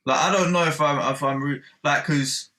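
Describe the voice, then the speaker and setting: A man's voice: on the high side, normal speed, background noise. A man co-hosting a podcast in casual chat, laid-back and swearing casually. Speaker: podcast co-host.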